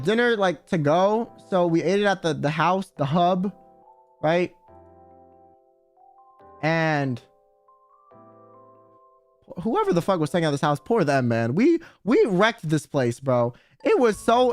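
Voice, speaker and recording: A man streaming, telling a story in a rambling, slangy way and swearing freely. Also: high voice. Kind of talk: casual chat storytelling.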